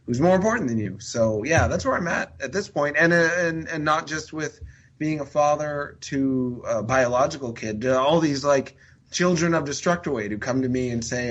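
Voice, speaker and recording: A man's voice: medium pitch, moderate pace, a bit bright, dull audio. A man talking as a podcast guest in a rambling, chatty way full of fillers and restarts. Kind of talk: casual podcast chat.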